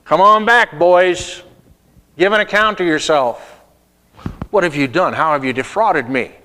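A preacher playing a stern commanding ruler. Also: male voice, on the high side, unhurried, big-room sound, voice pushed up. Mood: accusing. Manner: loud, commanding, accusing. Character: stern powerful male ruler testing his brothers.

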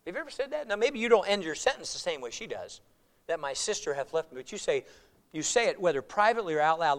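Preacher man, high voice, very animated, acts out his quotes. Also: fast. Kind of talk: sermon.

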